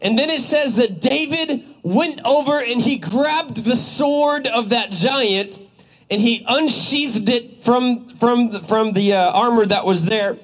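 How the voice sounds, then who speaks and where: A man's voice: very high-pitched, takes it slowly, fairly bright tone, low-quality recording. A young man preaching as an evangelist, telling a vision and a Bible story with fervent energy and casual fillers. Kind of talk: preaching a sermon.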